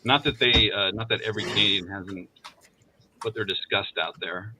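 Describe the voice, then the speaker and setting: A man's voice: fairly low pitch, steady tone, normal speed, bright, forceful tone. A middle-aged man from Northeast Iowa, chatting and joking casually. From Northeast Iowa, USA. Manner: joking, chatty, laughs often. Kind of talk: casual chat on a group video stream. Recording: dull lo-fi stream audio with faint noise.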